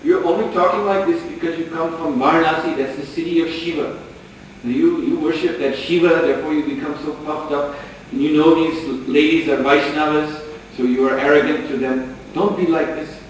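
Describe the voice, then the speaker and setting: Man doing a motherly older lady, soothing, bit high, echoey room far from the mic. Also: fairly even intonation, moderate pace, natural voice. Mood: chiding. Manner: soothing and gently chiding. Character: calm, motherly older woman who soothes and scolds. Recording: echoey hall, distant mic, faint noise.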